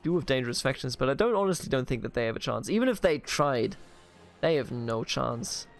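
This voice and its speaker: A man from Bavaria in Germany narrates his strategy game with playful, mock-grandiose asides to its characters. His voice sits at an ordinary middle pitch for a man, and soft music plays faintly underneath. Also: animated, brisk, vocal fry. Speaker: gaming video host. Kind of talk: strategy game let's play commentary.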